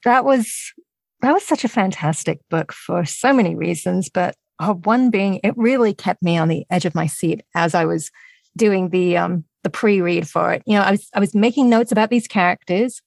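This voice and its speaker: Guest narrator, English woman, gravelly tone, animated and quick to laugh. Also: lowish voice, dry recording. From England. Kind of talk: casual podcast chat.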